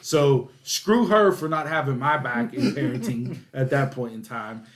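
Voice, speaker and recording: A man in his thirties chatting casually as a podcast co-host. He tells stories with animated energy and gets louder and higher when he reaches a punchline. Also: a little slow, crowd noise. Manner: animated storytelling, rising excitedly at punchlines.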